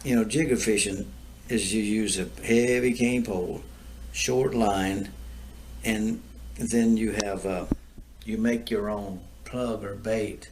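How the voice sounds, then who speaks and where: A man's voice: fairly low pitch, fairly even intonation, takes it slowly, a little mellow, slight background noise. An older man from Florida telling rambling stories in a casual chat, repeating himself and laughing at his own tales. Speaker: storyteller guest. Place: outdoors.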